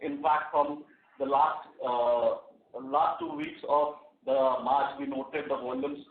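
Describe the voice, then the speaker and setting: A man speaks as a company executive on an earnings call. He answers at a measured pace, pausing and restarting often. His voice comes over a tinny phone line with a roomy echo. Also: mid-range voice, fairly even intonation. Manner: measured, fillers and restarts, business jargon.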